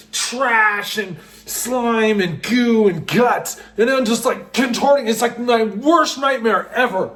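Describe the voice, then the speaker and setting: A young man telling a wild personal story in a casual, excitable way, with lots of "like" and "just". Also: high voice.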